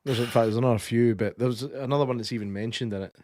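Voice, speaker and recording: Rambling Scottish man, mid-pitched. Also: quick pace, a little mellow, no room sound, clean studio sound. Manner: rambling, loses his words, casual swearing. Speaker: podcast co-host. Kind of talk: casual film-review chat.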